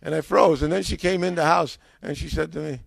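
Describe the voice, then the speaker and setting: Gravelly older American man telling a story. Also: on the high side, fairly quick, no echo. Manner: animated, acts out dialogue with rising voice. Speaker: former pastor telling his conversion story. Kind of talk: casual storytelling.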